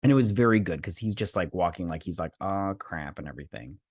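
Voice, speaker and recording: Low-voiced man rambling through a review. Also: animated, fast, darkish tone, slightly rough, no echo, clean studio sound. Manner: rambling, full of fillers and self-corrections; chatty, addresses viewers directly. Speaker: host of a TV review channel. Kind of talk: casual spoken episode review.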